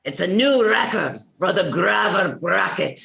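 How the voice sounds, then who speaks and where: An actor voicing an announcer with an Irish accent, reading results in a slow, proclaiming way. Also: mid-range voice, lively intonation, vocal fry, sharp tone, roomy sound, exaggerated voice. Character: announcer Skahak reporting hunt results. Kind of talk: voice acting session reading lines.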